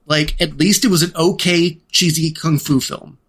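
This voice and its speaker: A man's voice: fairly high pitch, steady tone, moderate pace, fairly bright tone, breathy edge. A man chatting casually over drinks on a podcast, opinionated and wordy. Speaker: podcast co-host or guest.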